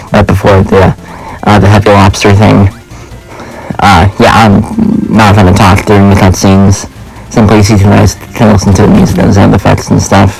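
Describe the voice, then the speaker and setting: A man's voice: on the low side, gravelly, slightly rough, rough recording. A young man casually commenting on the game he is playing as a let's play host, rambling and self-deprecating with lots of fillers.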